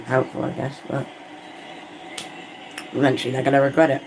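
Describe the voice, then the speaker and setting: Excitable lad streaming football. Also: male voice, mid-range voice, moderate pace, gravelly, a little hiss or hum. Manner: excitable, swings between chatty musing and loud outbursts at near misses; casual slangy talk, calls players and viewers lad and mate. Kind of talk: live match reaction and chat with viewers.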